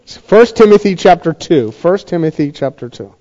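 A man's voice: on the high side, animated, moderate pace, dark tone, lo-fi sound. A middle-aged man preaching a sermon in a conversational way, often asking the congregation questions. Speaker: pastor.

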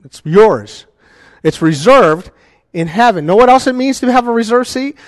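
A man preaching a sermon as a pastor, animated and conversational, with joking asides to the congregation. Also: very high-pitched, moderate pace, no echo, studio quality, in a large hall.

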